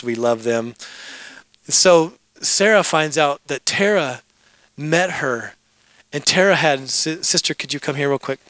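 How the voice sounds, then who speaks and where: A man's voice: fairly high pitch, sharp tone, dry recording. A middle-aged man preaching as pastor, telling stories and joking with the congregation. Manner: storytelling, joking asides with the congregation. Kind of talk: sermon.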